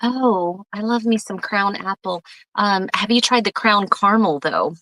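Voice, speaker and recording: A woman's voice: mid-range voice, measured pace, fairly bright tone, dry recording, poor audio. A middle-aged woman co-hosting a casual podcast, chatting and joking with her live chat. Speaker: podcast co-host.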